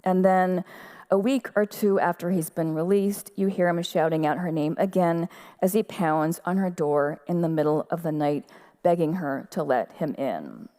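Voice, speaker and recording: A woman giving a measured, quiet literary reading of her own fiction at an outdoor festival stage. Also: on the low side.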